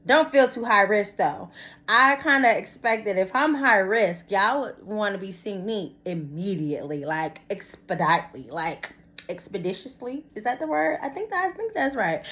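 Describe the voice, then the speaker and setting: Young woman, lilt, pitched a bit high; expressive casual vlogger talking straight to viewers. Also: unhurried. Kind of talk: casual storytime monologue.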